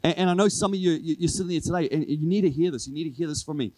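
Male pastor, conversational preacher with a slightly high voice, dry close sound, leans on repeated refrains. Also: very fast, a little mellow, no echo, rough recording. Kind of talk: sermon. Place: church service with a congregation.

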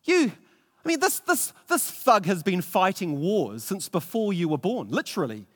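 A man voicing a weary older king who talks gruffly, bluntly and scoffingly. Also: sits high, sing-song, moderate pace. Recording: long echoey reverb.

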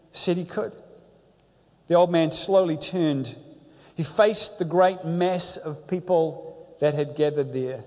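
A high-pitched man delivers an emphatic sermon, leaning on repetition and storytelling. His voice rings out through a church with a long, lingering reverb. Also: darkish tone. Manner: emphatic, repeats phrases, storytelling. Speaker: pastor.

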